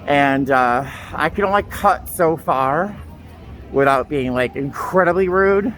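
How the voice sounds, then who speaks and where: A man chatting excitedly to his phone camera in a casual travel vlog, self-deprecating and talkative. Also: a little high, unhurried, soft background music. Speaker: flight attendant vlogger.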